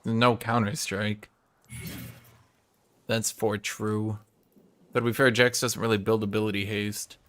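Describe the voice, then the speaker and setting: A man's voice: fairly low pitch, level tone, unhurried, long pauses, fairly bright tone. Man streamer thinking aloud to chat. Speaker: game streamer. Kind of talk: casual live-stream chat while playing.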